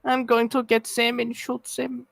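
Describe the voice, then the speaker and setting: A man's voice: very high voice, monotone, normal speed, creaky, a bit bright, no echo, voice pushed up, heavily acted. A man voicing a menacing, boastful German army officer from World War Two in a put-on German accent.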